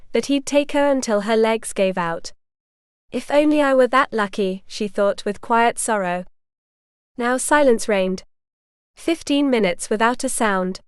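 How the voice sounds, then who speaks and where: Smooth-voiced woman narrating. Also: a little high, no room sound, studio quality. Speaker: audiobook narrator. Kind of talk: scripted narration.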